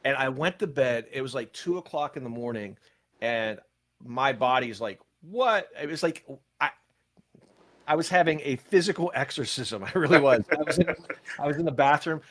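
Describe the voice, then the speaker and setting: Storytelling comes in fast, animated spurts from an older man, a pastor hosting a podcast, during casual church-themed chat. His voice sits in the mid range.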